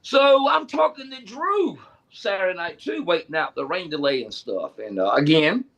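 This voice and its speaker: A man co-hosting a racing chat show, telling stories in a casual, animated way and laughing as he goes. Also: high voice, normal speed, gravelly. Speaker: podcast co-host.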